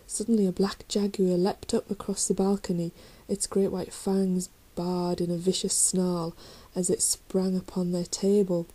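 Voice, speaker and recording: Female narrator for a children's fantasy book, low and mellow, reads dramatically. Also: little pitch movement, measured pace, poor audio. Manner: dramatic reading, raising voice for shouted lines. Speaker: audiobook reader. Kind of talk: storybook narration.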